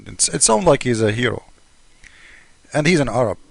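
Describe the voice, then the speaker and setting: A man's voice: mid-range voice, expressive, normal speed, vocal fry, dry recording. A man speaking in an emphatic, mocking casual monologue, with broken English grammar. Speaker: video commentator.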